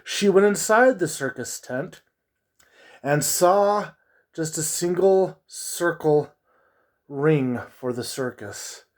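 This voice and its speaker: Slow, hushed spooky storyteller, a man. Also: fairly high pitch, expressive. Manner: slow, drawn-out, hushed dramatic delivery.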